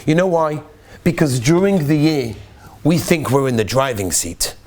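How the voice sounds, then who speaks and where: High-voiced rabbi telling stories animatedly. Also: male voice, moderate pace. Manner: animated storyteller, rising to near-shouts at peaks; mixes Yiddish and Hebrew terms into English. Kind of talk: Purim sermon with storytelling.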